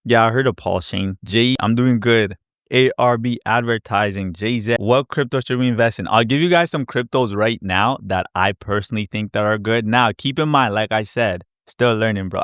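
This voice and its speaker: A man hosting a casual live Q&A stream, chatty and animated, acting out his past reactions with little sound effects. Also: fairly low pitch, moderate pace, dry recording, clean studio sound. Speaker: crypto educator hosting a live Q&A. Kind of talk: casual livestream chat.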